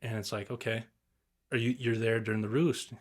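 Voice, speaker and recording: On a podcast, a young turkey hunter shares rambling, easygoing hunting stories in a lowish, level voice at a fairly quick pace. He curses along the way and mimics the calls.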